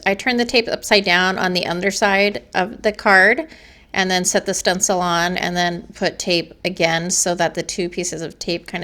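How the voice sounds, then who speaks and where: A woman's voice: fairly low pitch, sharp tone. A woman hosting a card-making tutorial in a casual voice-over, chatty with fillers, her voice a little worn. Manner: chatty, with fillers and small laughs. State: losing her voice.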